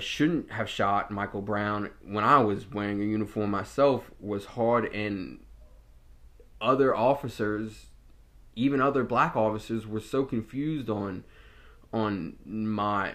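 Candid and reflective, a former corrections officer in his youth delivers a personal storytelling monologue in a lowish, fairly bright voice. He frequently breaks off and restarts sentences.

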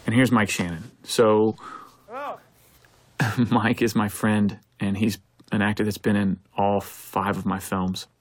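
A man's voice: fairly low pitch, slow pace. A man, a film director, giving an earnest, reflective audio commentary, thinking aloud as he talks.

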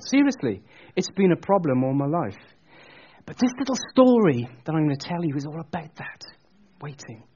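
A man preaching a sermon, telling a story in an animated, chatty way with jokey asides. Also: on the high side, slightly rough, dull audio.

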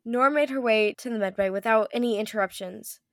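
Teen girl reading fan audio drama narration, kinda high voice, dry close sound. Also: fairly quick, dry recording. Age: teens. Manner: reads narration and voices several characters, shouting in emotional lines. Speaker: co-narrator and voice actor.

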